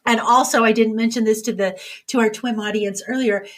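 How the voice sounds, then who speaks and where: A woman's voice: fairly high pitch, fairly even intonation, brisk. Chatty woman hosting a podcast. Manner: chatty and upbeat, runs the show's sign-off. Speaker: podcast host. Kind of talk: casual chat. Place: indoor room with a guest and small audience.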